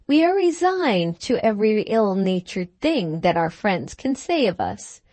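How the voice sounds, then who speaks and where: A woman's voice: mid-range voice, a little slow, no room sound. A woman playing a cool, self-assured rich lady. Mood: coolly defiant. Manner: calm, cutting and composed. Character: wealthy, cool, self-assured woman engaged to a young lord.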